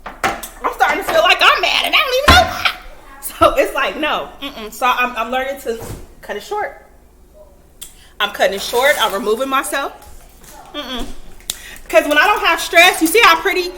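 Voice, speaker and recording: There's a faint hiss or hum under this young adult woman's high, pushed, bright voice. Speaking as a vlogger to camera, she gives casual, emphatic advice, repeats herself, and talks to herself in asides.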